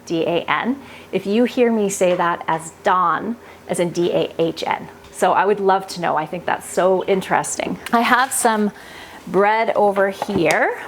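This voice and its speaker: A woman's voice: mid-range voice, noisy background. A woman with a Canadian accent chatting casually as she cooks in her home kitchen, laughing easily and thinking aloud. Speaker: home cooking vlogger. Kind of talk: casual cooking chat.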